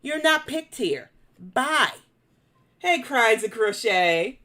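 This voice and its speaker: Woman host with a New York accent, slightly high voice, blunt and cussing, live commentary. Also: very animated, takes it slowly, bright, forceful tone. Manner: blunt, profane, confrontational. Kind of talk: live commentary and chat replies.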